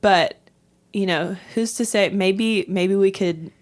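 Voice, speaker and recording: A woman's voice: mid-range voice, slow. A woman co-hosting a podcast, teasing and joking in casual chat and laughing a lot. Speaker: podcast co-host.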